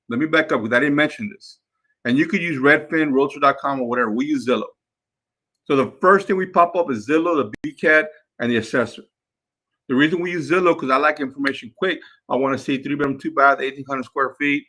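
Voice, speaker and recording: Gravelly, bright-voiced man coaching. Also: mid-range voice. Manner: energetic, repeats words, acts out phone calls. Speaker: real estate investing coach. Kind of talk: casual training talk.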